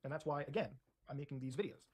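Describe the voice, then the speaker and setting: A man's voice: fairly high pitch, rapid-fire, a little mellow, husky. A man talking to his online community in a commentary video, blunt and emphatic as he rattles through his points.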